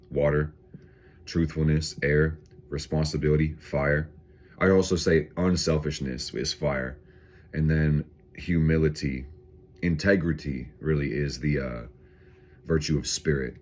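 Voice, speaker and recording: Very deep husky man reading tarot. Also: darkish tone. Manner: swears freely, laughs often. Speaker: tarot reader vlogger. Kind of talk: casual tarot reading vlog.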